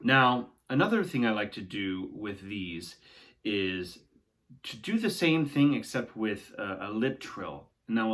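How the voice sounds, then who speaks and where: A man's voice: fairly low pitch, a bit bright. Young male voice teacher, encouraging, talks students through exercises. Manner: encouraging, talks along with exercises, often ends with "right?". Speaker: singing teacher. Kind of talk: guided vocal warm-up lesson.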